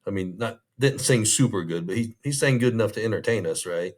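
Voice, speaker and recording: Ex prison guard guy, kinda deep, easygoing rambly storyteller, lots of uh and restarts. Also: a little fast, darkish tone. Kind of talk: anecdotal storytelling in an interview.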